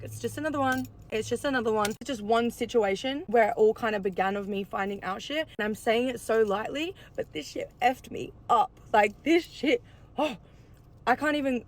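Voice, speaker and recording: A woman's voice: fairly high pitch, a little hiss or hum. A woman casually telling a personal story in a chatty storytime, full of fillers and swearing. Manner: rapid, chatty, peppered with "like" and swearing. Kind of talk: casual storytime while getting ready.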